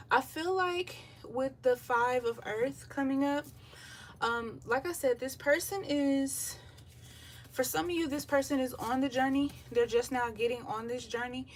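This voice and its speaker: A slightly high-voiced woman talks slowly through a live tarot reading, breathless and easygoing, scattering ums between her thoughts. Her voice sits a little away from the mic, with faint beach surf washing in behind her. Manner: relaxed, chatty, many filler ums. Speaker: tarot reader. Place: home by the beach, windows open. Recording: voice a bit far from the mic, faint surf noise. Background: faint beach waves.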